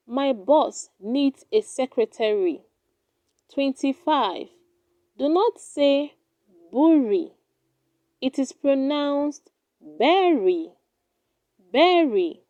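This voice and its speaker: A woman teaching English pronunciation in a scripted lesson, deliberately saying each word twice and then using it in an example sentence. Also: high voice, mellow, dry recording.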